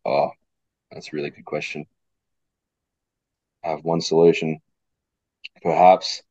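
A man, a coach speaking as a podcast guest, thoughtful and pausing to repeat words, with a cough. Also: rumbling low, level tone, a little mellow, dry recording, dull audio. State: coughing fit. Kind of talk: casual interview chat.

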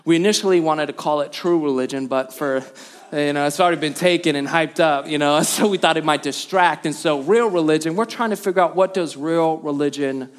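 A man's voice: on the high side, fairly quick. A man, a lead pastor, preaching a sermon in a church with emphatic repetition and call and response. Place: church hall.

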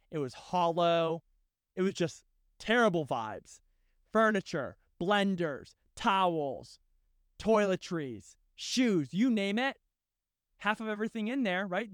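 A man's voice: high voice, clear, resonant tone, no room sound, studio quality. Earnest young man telling a personal story. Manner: casual, heartfelt, says "right?" and "dude" often. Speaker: podcast host.

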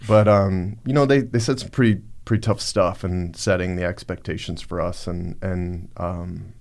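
A man on a podcast, recounting a personal story in a halting, reflective way with many fillers. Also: low-pitched, fairly even intonation, creaky, darkish tone. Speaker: podcast guest. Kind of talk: casual storytelling.

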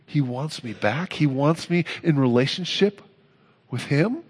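A man preaching a sermon as pastor, earnest, building to emphatic peaks and then dropping soft. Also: on the high side, lively intonation, a little slow, slightly rough.

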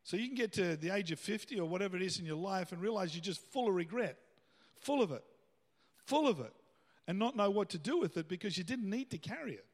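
Male pastor, high voice, casual sermon with emphatic peaks, reverberant church hall. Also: fast, hardly any pauses. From Australia. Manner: conversational preaching, rising to emphatic bursts.

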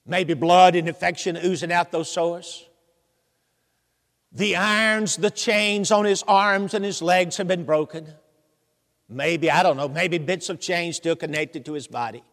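A man's voice: sits high, a bit bright. A man preaching a sermon, telling the story animatedly with humor and asking the congregation questions. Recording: long hall reverb.

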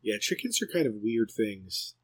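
A man's voice: fairly low pitch, big pitch swings, normal speed, no room sound. Laid-back middle-aged man joking around. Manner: joking, easygoing. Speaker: podcast co-host. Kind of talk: casual chat.

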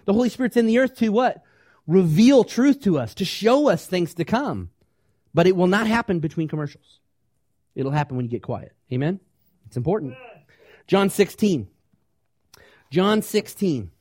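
A male pastor delivers a lively sermon. His voice sits high for a man and sounds dry and close. He keeps asking the congregation questions and acts out the voices he quotes. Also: fairly quick, no room sound. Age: young adult or middle-aged, parent of small kids.

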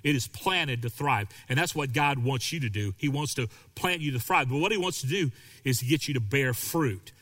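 A male pastor preaching a sermon, animated and acting out quoted voices. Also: medium pitch, moderate pace, big-room sound.

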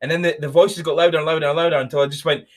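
A man's voice: a little high, very fast, a little hiss or hum. Blunt, sweary man. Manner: profane, energetic, blunt. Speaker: podcast host. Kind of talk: motivational podcast monologue.

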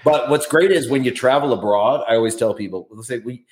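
A man's voice: medium pitch, fairly quick, background noise. Chatty Canadian-raised man, roomy sound. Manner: chatty storyteller, mimics voices in anecdotes. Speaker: guest author. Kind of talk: casual podcast chat. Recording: roomy echo.

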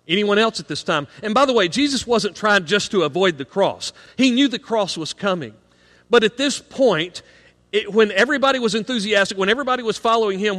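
A man's voice: high voice, fairly bright tone. A middle-aged man preaching a sermon as pastor of a church, earnest and building emphasis on key points, often repeating a word as he starts a phrase. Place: church sanctuary. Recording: long hall reverb.

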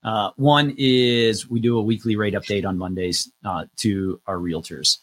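A man's voice: on the low side, measured pace, no room sound. A man in his thirties co-hosting a podcast, talking casually and a bit rambling. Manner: relaxed, rambling, frequent "uh" fillers. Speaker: podcast co-host and loan officer.

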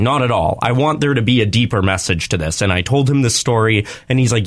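Earnest radio host telling a story. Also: male voice, medium pitch, fairly quick, hardly any pauses. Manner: earnest, rambling, animated retelling. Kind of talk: casual on-air storytelling.

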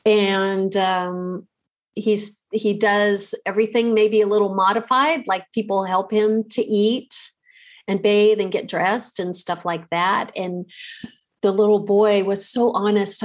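A middle-aged woman hosting a podcast, telling a personal story in a slow, conversational way with fillers. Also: mid-range voice. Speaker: podcast host.

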